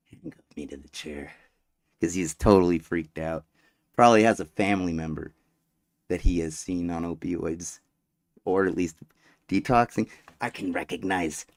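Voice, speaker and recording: A man's voice: lowish voice, no echo. A man rambling through a story in a casual vlog, crude and trailing off mid-sentence. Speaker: vlogger. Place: desert near the border.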